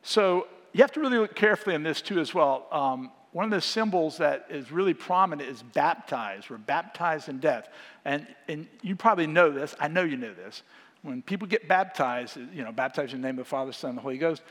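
A man giving a sermon as guest preacher, speaking in a conversational, animated way and often asking the congregation questions. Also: a little high, brisk. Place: church sanctuary. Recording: long hall reverb.

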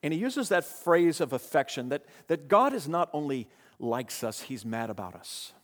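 A man's voice: fairly high pitch, very animated, normal speed. Man preaching in a reverberant hall. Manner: dynamic preaching, swings from loud to hushed. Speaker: pastor. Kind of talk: sermon.

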